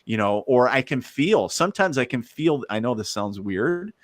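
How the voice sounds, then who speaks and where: This guest medium tells stories casually, rambling with plenty of fillers and laughing easily. His mid-range voice is very animated, his pace moderate, and the recording dry.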